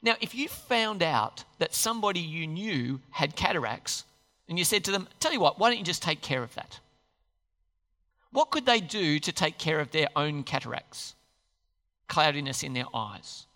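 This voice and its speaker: A man preaching a sermon, animated, putting questions to his listeners as he works through a Bible passage. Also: on the high side, normal speed, big-room sound. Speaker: pastor.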